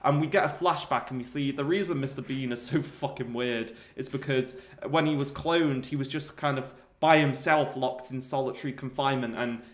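A man's voice: mid-range voice, normal speed, few pauses. A man co-hosting a podcast over a video call, telling a comic story with lots of laughter. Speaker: podcast co-host. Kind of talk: casual comedic chat.

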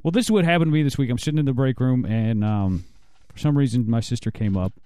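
A man's voice: medium pitch, quick pace, warm tone, no echo. A man hosting a loose comedy show, rambling through a story and stumbling over his own restarts. His voice sits in the middle range and sounds dry and close to the mic, with no room around it. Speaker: show host.

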